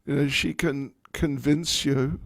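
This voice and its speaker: A man, a spiritual teacher, telling a story in a class, animated and wryly humorous. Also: mid-range voice, slow pace, creaky, no room sound, clean studio sound.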